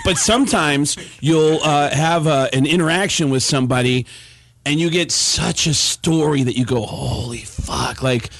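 Animated male comic telling stories. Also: fairly high pitch, moderate pace, no echo, studio quality. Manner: animated anecdotes full of impressions. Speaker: comedian and podcast co-host. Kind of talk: casual storytelling chat.

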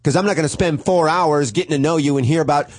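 A man's voice: a little high, quick pace. A man who tours as a comedian, talking crudely and boastfully in casual chat. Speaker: touring comedian, co-host.

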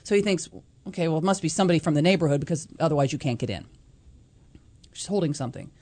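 A woman's voice: sits low, fast. A woman chatting casually, telling a story and acting out the people in it. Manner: animated, acts out quoted people.

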